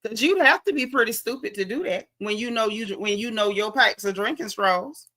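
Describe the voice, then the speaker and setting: A woman's voice: a little high, normal speed, bright, forceful tone. A woman with a Southern American accent hosting a casual gossip show, sassy and blunt, talking straight to her viewers. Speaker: host.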